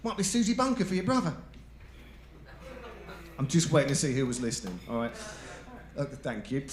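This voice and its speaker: A man doing a stand-up comedy set, telling stories with animated character voices and shouted punchlines. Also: fairly high pitch, moderate pace, pauses often. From England. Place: comedy club stage before a live audience. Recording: echoey club room with live audience.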